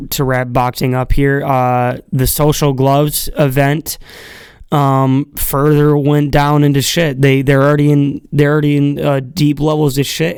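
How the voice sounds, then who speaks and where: A man's voice: medium pitch, a little mellow, smooth, no room sound. Young male podcast host, freshly woken, loose filler-heavy chat; rich clean tone, dry close sound. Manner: rambling, filler-heavy, swears casually. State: just woke up, voice a bit groggy. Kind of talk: casual solo podcast monologue.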